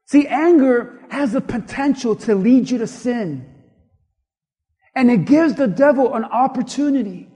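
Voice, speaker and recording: A male pastor preaching a sermon, impassioned and emphatic, dropping to hushed tones at times, in a large church hall. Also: extremely high pitch, lively intonation, unhurried. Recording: long reverb of a large hall.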